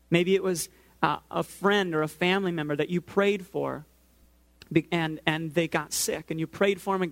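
A man's voice: fairly high pitch, moderate pace. A man in his thirties preaching a sermon as a pastor, conversational and storytelling, addressing the congregation directly.

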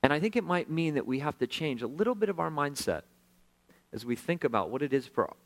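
A man's voice: on the high side, brisk, gravelly. Conversational man preaching a testimony. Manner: conversational, self-deprecating, swings from hushed to animated. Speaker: pastor. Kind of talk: sermon storytelling.

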